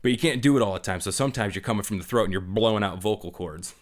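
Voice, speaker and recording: A man's voice: fairly low pitch, very fast. A middle-aged man, a former Marine, chatting casually on a podcast, acting out voices and laughing as he tells stories. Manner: animated storyteller, acts out voices, laughs often. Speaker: guest, former Marine drill instructor talking about fatherhood.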